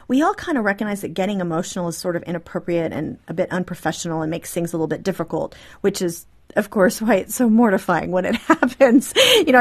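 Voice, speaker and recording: A woman speaking as an interview guest, animated and explanatory, often acting out short quoted exchanges in her own talk. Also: medium pitch. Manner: animated, acts out quoted dialogue. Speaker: guest author. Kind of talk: interview conversation.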